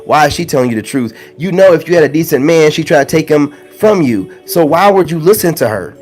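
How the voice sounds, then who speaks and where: A man's voice: a little high, lively intonation, a little fast, a little mellow, faint music behind. A man ranting to his viewers in a blunt, preachy monologue, full of slang and with lines repeated for emphasis. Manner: slangy, conversational. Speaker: spiritual self-help vlogger.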